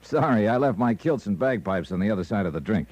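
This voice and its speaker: An actor playing a wry, breezy insurance investigator who narrates a 1950s radio drama. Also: male voice, on the low side, expressive, fast, darkish tone, a little hiss or hum, natural voice, low-quality recording. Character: wisecracking male freelance insurance investigator, adult. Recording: old radio broadcast with faint music.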